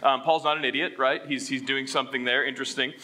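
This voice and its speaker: A man preaching a sermon as pastor, asking the congregation questions and swinging between loud emphasis and hushed statements. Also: mid-range voice, fairly even intonation, fast.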